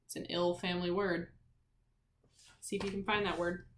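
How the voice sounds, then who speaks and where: This teacher has a lowish voice with little pitch movement, recorded with reverb and a little hiss or hum. She's leading young kids through a remote lesson, spelling words letter by letter slowly and clearly and encouraging them with questions.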